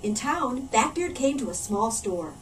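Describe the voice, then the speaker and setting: A woman, a children's librarian, reading a storybook aloud in a playful, animated way. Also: on the high side, unhurried. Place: library room. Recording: distant mic, faint room noise.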